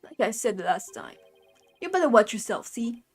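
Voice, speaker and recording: A woman's voice: a little high, very animated, moderate pace, heavily acted. Woman doing a blustering Brooklyn tough guy. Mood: gruff, menacing. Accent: put-on Brooklyn. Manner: gruff gangster bluster, tags lines with "see?". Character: blustering middle-aged male tough-guy minister.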